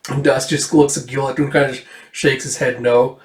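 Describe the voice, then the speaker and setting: A man's voice: medium pitch, level tone, moderate pace. A man casually reading through a comic and reacting, with fillers and swearing. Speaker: comic reader and reviewer. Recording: roomy, distant mic.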